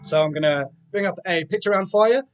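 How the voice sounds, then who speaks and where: The quiz host talks fast in a high, clear, resonant voice. He reads multiple-choice options during a live online quiz and chats casually between rounds, though the recording is dull and lo-fi with faint music.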